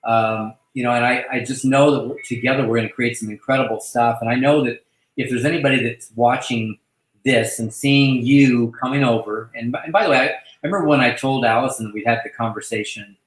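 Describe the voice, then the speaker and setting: A man hosting a casual online chat who talks effusively, halting often to restart his sentences. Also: medium pitch, steady tone, roomy sound, poor audio. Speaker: host welcoming a new agent.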